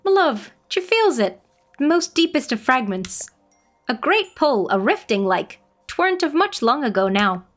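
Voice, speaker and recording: A woman voicing a quaint forest dweller who talks in old-fashioned, rambling phrases, in a lively voice. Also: sits high, measured pace, soft background music, exaggerated voice. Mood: dreamy.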